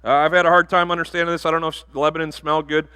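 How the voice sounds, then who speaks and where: A pastor giving a sermon in a church, animated and jokey, with bursts of loud emphasis. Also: male voice, a little high, very fast, clean tone. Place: church sanctuary.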